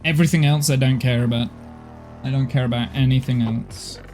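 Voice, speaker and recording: A man's voice: mid-range voice, fairly even intonation, brisk, darkish tone, a little hiss or hum. A man live-streaming a game from his home office, tired and talking casually, self-deprecating and apologetic, with frequent restarts. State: tired, overheated.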